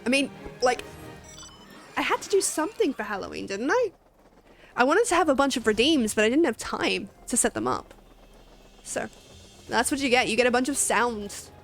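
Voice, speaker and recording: Woman streamer, casual game stream chat, rambling, self-deprecating, slightly high voice, faint music behind. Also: big pitch swings, moderate pace, long pauses.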